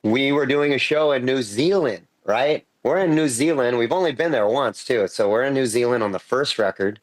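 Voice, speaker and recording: A rock singer as a podcast guest, telling stories in a loose, rambling, profane way and acting out what people said. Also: male voice, mid-range voice, normal speed, rough recording. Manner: rambling, profane, quotes himself and others. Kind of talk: casual storytelling interview.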